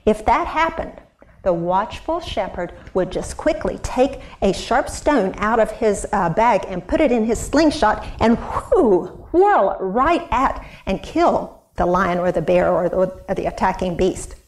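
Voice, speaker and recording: Animated woman telling children a Bible story. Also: mid-range voice, measured pace. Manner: animated, expressive, asks the kids questions. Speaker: Sunday school teacher.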